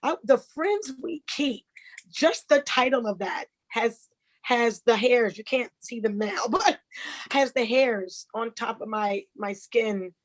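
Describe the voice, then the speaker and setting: A woman's voice: fairly high pitch, slow pace. A woman, hosting a talk show and gushing over her guest. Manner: effusive, gushing. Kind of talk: enthusiastic interview hosting.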